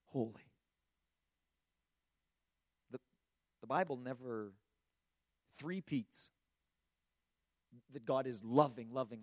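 A slightly hoarse man preaching a sermon in an earnest, emphatic way, asking rhetorical questions and often restarting his words. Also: medium pitch, no room sound, studio quality. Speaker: pastor.

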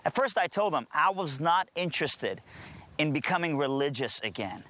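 A man's voice: a little high, animated, normal speed, pushed and bright. A man telling his conversion story and preaching in an earnest, emphatic storytelling manner. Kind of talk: testimony and sermon.

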